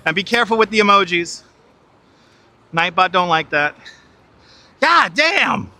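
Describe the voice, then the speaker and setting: A man's voice: high voice, big pitch swings, unhurried, pushed and bright. A man live-streaming his walk through busy city streets on a wireless lapel mic, giving profane, exasperated running commentary.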